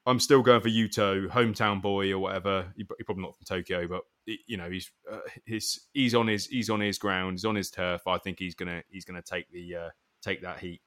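A man's voice: deep voice, fairly even intonation, fairly quick, few pauses, fairly bright tone. A man hosting a casual podcast chat, joking and swearing as he goes through names. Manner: banter with swearing. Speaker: podcast host.

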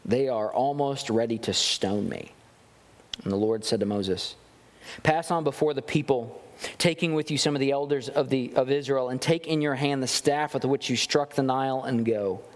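A male pastor preaching a sermon, reading scripture and acting out quoted voices with big swings in pitch. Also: normal speed. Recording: long hall reverb.

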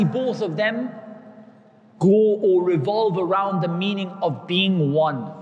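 A man's voice: high voice, in a large hall. A man giving a religious lecture, explaining terms patiently and repeating key words. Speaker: Islamic teacher.

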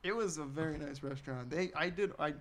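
High, bright-voiced laughing storyteller man. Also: quick pace. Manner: rambling storyteller, laughs often. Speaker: guest. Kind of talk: casual podcast chat, anecdote telling.

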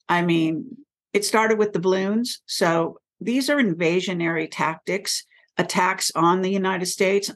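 Creaky-voiced woman guest. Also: fairly low pitch. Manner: measured, pauses with many fillers. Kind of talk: interview conversation.

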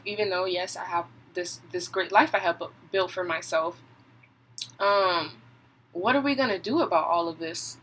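Young woman, student, candid vlog, bright and sharp tone, rambly and open. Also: medium pitch, rough recording. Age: young adult. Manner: open, rambling, thinking aloud. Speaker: college student. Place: her apartment room.

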